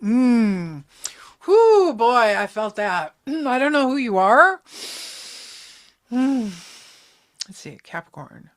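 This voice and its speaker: A woman's voice: a little high, very animated, extremely slow, long pauses, fairly bright tone. A woman gives a casual tarot reading straight to her viewers. She is chatty and emotional, and she wanders into side notes. She keeps calling her audience darling and sweeties. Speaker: tarot reader.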